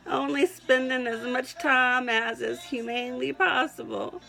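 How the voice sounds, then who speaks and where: A woman with a Southern accent reads her own prayerful poem slowly, in a high voice with a gravelly edge. She keeps breaking off to sneeze and laugh and sounds close to tears. Soft music plays faintly behind her. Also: low-quality recording. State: teary, on the edge of crying. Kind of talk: prayerful spoken-word poetry reading.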